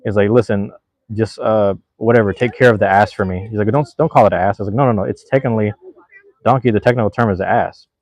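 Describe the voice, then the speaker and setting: A man with a low voice chats his way through a comedy show recap in a loose, slangy style, with plenty of fillers and restarts. The sound is dry and close, with almost no room around it. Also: fast talker, darkish tone, dry recording, rough recording. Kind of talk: casual rambling recap. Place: outdoors near a playground.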